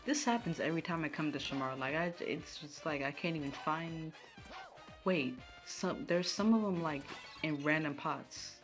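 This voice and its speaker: A woman's voice: sits low, lively intonation, normal speed, faint music behind. A woman streamer playing a game live at home, chatting casually and talking to her viewers as she plays. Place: room at home.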